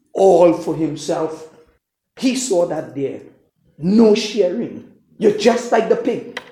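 Echoey preacher swinging loud to hushed. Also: medium pitch. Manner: reads scripture slowly, then preaches with big swings from loud to hushed; retells the story with voiced quotes and asides to the congregation. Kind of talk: sermon. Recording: echoey room.

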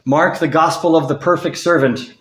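Man, preacher, slightly high voice, earnest sermon, roomy echo. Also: steady tone, normal speed. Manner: earnest, rises in pitch for emphasis, drops soft on key words. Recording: echoey room.

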